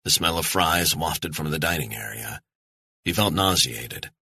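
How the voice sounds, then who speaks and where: A man narrating a thriller audiobook in a grim, measured manner. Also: a bass voice, animated, sharp tone, breathy edge, no room sound.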